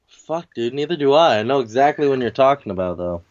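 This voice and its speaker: A man's voice: medium pitch, animated, a little fast, no echo. Laid-back, profane man, dull dry sound. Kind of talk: casual chat.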